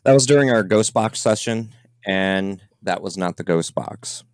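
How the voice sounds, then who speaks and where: On a podcast, a paranormal investigator casually looks back over evidence his team recorded, his speech loose, meandering and heavy with fillers. He talks a little slowly in a lowish voice, captured dry at studio quality.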